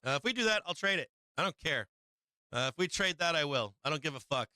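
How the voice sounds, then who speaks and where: Pitched on the high side, this man is expressive, sharp-toned and quick, heard through a dry, low-quality recording. Hosting a live market stream, he curses openly, laughs a lot and goes over the same points while going through charts.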